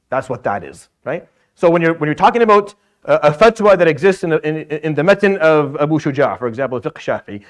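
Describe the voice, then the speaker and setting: High-voiced man lecturing with emphasis. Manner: emphatic, with frequent restarts and rhetorical questions. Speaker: Islamic studies teacher.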